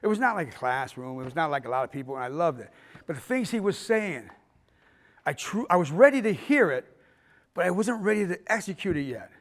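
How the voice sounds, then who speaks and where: A man's voice: a little high, sing-song, a little fast. Older man lecturing on filmmaking, rambling. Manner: rambling storyteller who acts out quoted people; frequent restarts and stumbles. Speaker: filmmaking instructor. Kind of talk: casual classroom lecture. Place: fine arts center hall with a class.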